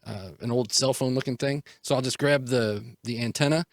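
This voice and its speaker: A man's voice: medium pitch, brisk, no echo, studio quality. A man playing a tabletop game, casually describing his character's actions. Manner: casual, rambling. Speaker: player.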